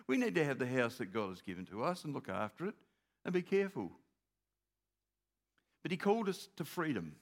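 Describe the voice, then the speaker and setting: A man's voice: medium pitch, big pitch swings, moderate pace, long pauses. An older man, preaching a sermon in an earnest, repetitive way that builds in emphasis. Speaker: pastor.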